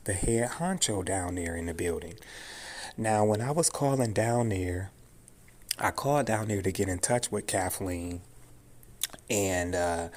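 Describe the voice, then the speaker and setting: Profane, emphatic man in a rambling rant. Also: fairly low pitch. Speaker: vlogger airing grievances. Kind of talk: casual direct-to-camera monologue.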